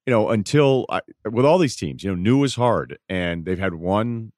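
Low-voiced man joking through sports talk. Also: expressive, normal speed, darkish tone, dry recording, studio quality. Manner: playful, riffs through mock bits with bursts of energy. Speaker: podcast guest, basketball analyst. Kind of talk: casual sports chat.

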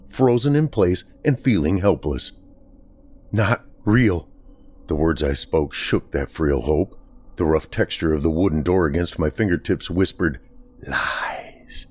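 A man reads a first-person horror story in a measured, somber manner. His voice sits very low, and he lets each sentence land with deliberate weight. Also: darkish tone. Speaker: narrator.

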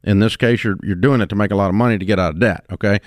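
Folksy low-voiced male radio host. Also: rapid-fire, no room sound. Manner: folksy, emphatic, quotes people in voices. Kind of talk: call-in advice show.

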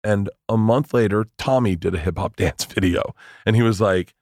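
A man in his forties, a comedian, telling stories in a casual interview, animated and swearing, acting out the voices of people he quotes. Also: lowish voice, moderate pace, no echo, studio quality. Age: 40s. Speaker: comedian guest.

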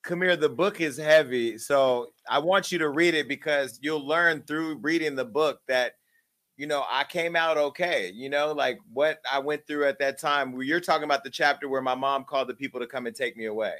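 A man's voice: medium pitch, normal speed, fairly bright tone. A man in his forties hosting a call-in show, talking bluntly with lots of slang and encouragement. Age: 40s. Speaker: host. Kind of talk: casual call-in show chat.

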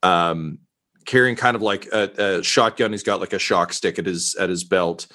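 Male GM, low voice, hesitant filler-heavy narration. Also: bright, forceful tone. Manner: halting, many fillers. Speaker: game master. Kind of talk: narrating a tabletop game.

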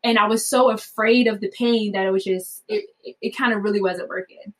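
A woman telling a personal story in a chatty, animated way, full of fillers and frequent laughs. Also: medium pitch, fairly quick, poor audio. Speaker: mother telling her birth story.

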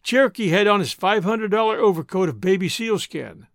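A man's voice: high voice, expressive, brisk, dry recording, clean studio sound. A man narrating a story, reading expressively and shifting into the characters' voices.

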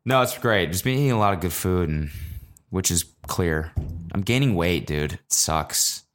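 A young man with a fairly low speaking voice hosts his own podcast in a loose, casual rant. He swears freely and keeps leaping up into high, exasperated outbursts before dropping back to an easy, conversational tone. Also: lively intonation, normal speed, a bit bright, soft background music. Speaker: podcast host. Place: traveling abroad, recording while away.

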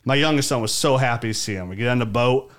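A man's voice: medium pitch, quick pace, smooth. A man in his forties, a podcast co-host, telling stories in casual chat and acting out the quotes. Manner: animated, acts out quotes.

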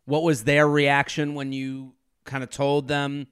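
Incredulous man co-host, smooth voice. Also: medium pitch, monotone, unhurried, a bit bright, dry recording, studio quality. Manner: probing, restarts, incredulous. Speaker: podcast co-host. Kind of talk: casual interview chat.

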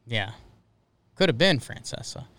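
A man's voice: medium pitch, very animated, unhurried, bright, forceful tone. A man co-hosting a casual sports podcast, rambling with fillers and restarts. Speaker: podcast co-host.

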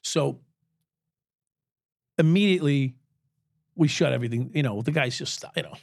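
In a clean, dry podcast studio recording, a former police officer in his sixties shares candid stories as a guest. His mid-range voice is gravelly and slightly mellow, moving at a moderate pace as he talks bluntly, swears freely and chuckles along.

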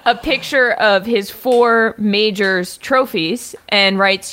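A woman co-hosting a podcast, telling a story in a quick, animated, casual way. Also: medium pitch. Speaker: podcast co-host. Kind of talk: casual chat.

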